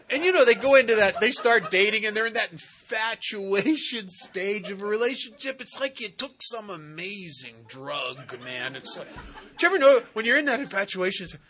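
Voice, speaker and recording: Man, fairly high bright voice, joking storyteller, animated, slangy asides. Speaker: recovery meeting speaker. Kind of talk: humorous storytelling talk. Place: retreat center meeting.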